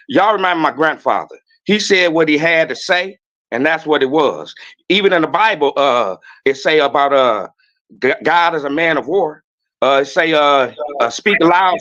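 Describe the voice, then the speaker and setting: A man calling in to a talk show, telling stories in a loud, blunt, preachy way. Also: on the high side, highs cut off. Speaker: caller. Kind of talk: casual talk-show call.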